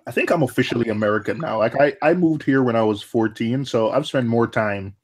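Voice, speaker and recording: A man in his thirties, originally from Jamaica, chatting casually on a live stream with animated, laughing speech and frequent repeated words. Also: mid-range voice, a little fast, a little hiss or hum. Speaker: live stream chat participant. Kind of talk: casual chat.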